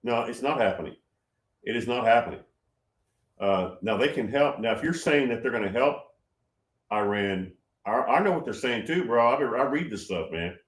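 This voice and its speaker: A man's voice: medium pitch, expressive, normal speed, echoey room. A man hosting a prophetic livestream, talking casually and reading viewer comments, rambling and repeating himself with emphasis.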